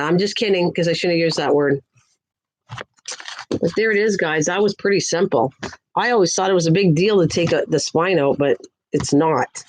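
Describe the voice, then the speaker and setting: A woman's voice: on the low side, darkish tone, rough recording. Older woman, chatty livestream crafter; rambles easily and greets viewers sweetly, faint hiss behind. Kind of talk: casual livestream chat.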